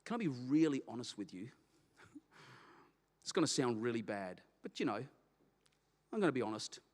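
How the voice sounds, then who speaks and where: A man's voice: medium pitch, big pitch swings, moderate pace, darkish tone. A man with an Australian accent preaching a sermon as a pastor, telling a candid personal story and acting out his own prayers. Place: church auditorium. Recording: long reverb of a church hall.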